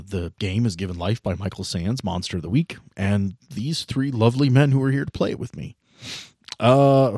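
A man's voice: mid-range voice, a little mellow, no room sound, studio quality. A man hosting a tabletop role-playing podcast as game master, chatty and playful.

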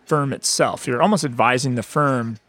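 A man's voice: medium pitch, normal speed, fairly bright tone. A man hosting an interview, asking conversational questions. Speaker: podcast host.

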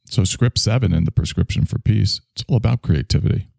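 Man, streamer, slow sarcastic rambling, gravelly voice, dry close sound. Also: on the low side, darkish tone, dry recording. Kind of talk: rambling comic monologue.

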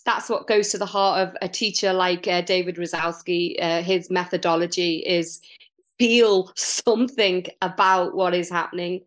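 Woman, middle-aged, improv teacher, chatty, animated, restarts often, mid-pitched voice. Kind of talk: casual podcast chat.

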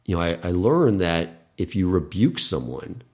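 A man's voice: deep voice, sing-song, a little slow, a little mellow. A middle-aged man, a podcast guest, earnestly telling a personal story in casual conversation and acting out the dialogue he quotes.

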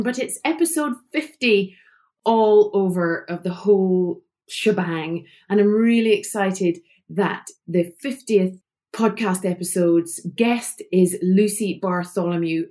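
A woman's voice: lowish voice, dark tone. Gushing podcast host, a woman. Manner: gushing, enthusiastic, chatty. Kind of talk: casual podcast interview.

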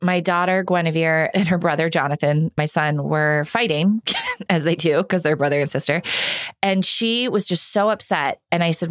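A woman in her thirties speaks as a podcast guest, her voice sitting a little low for a woman. She tells personal stories candidly and with animation, often breaking off and restarting her sentences. The recording is dry and close, with no room sound. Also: normal speed, no echo. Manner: earnest and animated, frequent restarts. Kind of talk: candid conversational storytelling.

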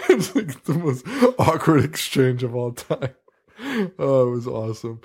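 Male co-host, mid pitch, animated and profane, laughs a lot. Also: takes it slowly, pauses often, slightly rough. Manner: animated, laughing, swears freely. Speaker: podcast co-host. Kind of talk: casual chat.

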